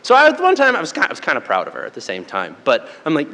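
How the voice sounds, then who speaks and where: Animated man telling a story on stage. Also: medium pitch, quick pace. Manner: animated, laughing with the audience. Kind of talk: live storytelling. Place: stage in a live venue. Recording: long hall reverb with faint crowd ambience.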